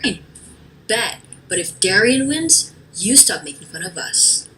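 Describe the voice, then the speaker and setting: A woman voicing a pushy, excitable teenage girl, talking in breathy eager whispers and bright outbursts. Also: medium pitch, unhurried, a little hiss or hum.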